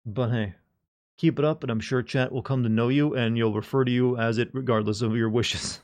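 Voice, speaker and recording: A man's voice: medium pitch, steady tone, brisk, a little mellow. A man chatting casually to his live-stream audience, joking and rambling with frequent restarts. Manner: joking, rambling, talks to chat.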